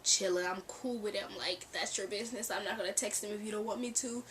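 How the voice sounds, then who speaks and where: A woman's voice: medium pitch, fast, distant mic, slight background noise. Young woman telling a story, set back from the mic. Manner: animated, acts out quoted dialogue, laughs often. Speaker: storytime vlogger. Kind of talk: casual storytelling. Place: bedroom near a street. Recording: mic set back, faint background ambience. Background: cars passing outside.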